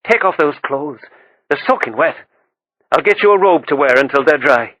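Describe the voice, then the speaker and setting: A man voicing a kind, motherly countrywoman who scolds gently, in an audiobook. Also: a little high, animated, normal speed, no room sound, poor audio. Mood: caring, gently scolding. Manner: gentle mock sternness.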